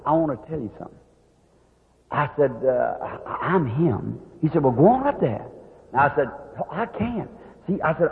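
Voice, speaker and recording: A man preaching with a Southern Indiana accent, telling his story in a folksy, animated way that rises to fervor. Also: fairly high pitch. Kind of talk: sermon storytelling. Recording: scratchy archival tape of a distant hall with telephone-like sound.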